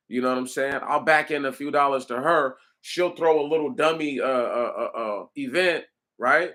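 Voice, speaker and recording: A man delivering a casual, rambling monologue, animated and profane, speaking straight to his listeners. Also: mid-range voice. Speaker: commentator.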